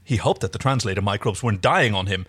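A man's voice: lowish voice, animated, fast talker, a bit bright, husky. A man co-hosting a podcast, reading fan fiction aloud with wry, chatty asides. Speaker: podcast co-host.

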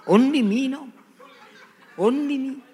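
A man's voice: very high-pitched, slow pace, darkish tone, husky, pitched above the performer's own voice, heavily acted. A man voicing a whining, self-pitying man who stands for the victim spirit, in a sing-song, mock-sobbing way, in an echoey hall. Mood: whiny.

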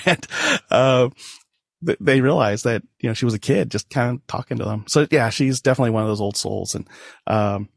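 A man's voice: mid-range voice, brisk, gravelly, husky, no echo, studio quality. A man in his forties, a podcast guest, telling a personal family story in a candid, self-deprecating way with frequent laughs.

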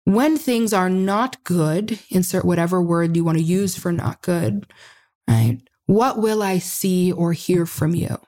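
A woman's voice: lowish voice, animated, unhurried, dark tone. A woman giving relationship advice in a casual conversation, explaining step by step and often checking in with "right?".

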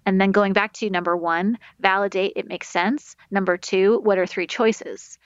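A woman's voice: mid-range voice, normal speed, hardly any pauses, clear, resonant tone, no echo. A woman speaks as an expert guest on a talk show, explaining anxiety and feelings in plain conversational terms. She often acts out inner self-talk in quotes and reaches for metaphors. The sound is slightly dull and lo-fi, with a dry, close room. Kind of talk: conversational podcast advice.

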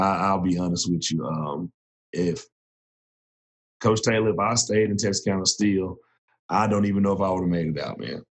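A man in his thirties, a former Marine turned coach, telling his story in a relaxed, casual way with frequent laughs. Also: low voice. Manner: relaxed, laughs often, restarts sentences.

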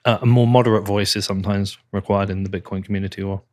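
Fast and fairly flat in intonation, a low-voiced British man hosts a podcast: first ad reads, then easygoing conversation with his guest, full of laughter and sentences he starts over.

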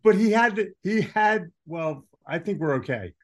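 Man in his 60s, podcast host, slightly higher voice, rambling and jokey. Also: animated, measured pace. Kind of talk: casual chat.

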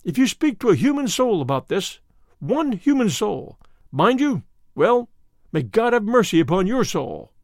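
A man reading an audiobook, voicing a sinister older male kidnapper who makes smooth, veiled threats. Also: high voice, very animated, normal speed, darkish tone, no room sound, clean studio sound. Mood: menacing. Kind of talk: audiobook character voice.

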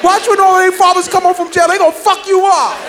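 Indignant young mother as a man puts her on, high voice, rapid scolding, defensive. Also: level tone, background noise. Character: young mother with many kids, defensive and quick-tempered.

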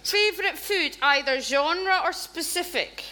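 A woman hosting a comic interview, teasing and quick-witted. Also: very high voice, bright, forceful tone. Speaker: host. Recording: noisy background.

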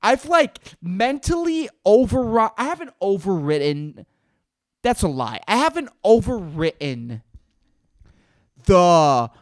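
Man, podcast host, rambling and profane, lively swings in pitch, dry close sound. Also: slow pace, no echo. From Puerto Rico. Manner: rambling, profane, heavy on fillers. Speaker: podcast host and stand-up comedian. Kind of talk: rambling solo podcast talk.

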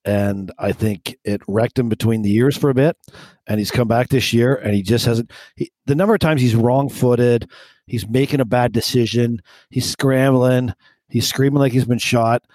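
A man co-hosts a sports podcast and speaks like an animated fan rattling off stats. His voice is dry and close, with no room sound behind it. He sits at a middle pitch. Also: moderate pace, dry recording. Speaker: podcast co-host. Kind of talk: casual sports podcast chat.

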